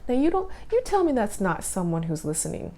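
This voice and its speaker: A woman's voice: mid-range voice, sing-song, fairly quick, darkish tone. A woman in her thirties telling her own life story in a vlog, retelling it with emotion and acting out the dialogue. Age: 30s. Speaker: vlogger. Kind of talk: personal storytelling.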